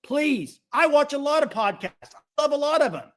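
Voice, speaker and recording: A man's voice: very high-pitched, lively intonation, moderate pace, a bit bright. A man co-hosting a live sports podcast, talking in a blunt, firm way and cutting in over his partner. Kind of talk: casual live-stream sports talk.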